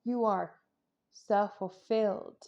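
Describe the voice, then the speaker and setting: A woman's voice: mid-range voice, slow, vocal fry, darkish tone, highs cut off. Playful chatty woman reading tarot. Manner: chatty, playful, rambling, with silly sound effects. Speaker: tarot reader. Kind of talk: casual tarot reading to camera.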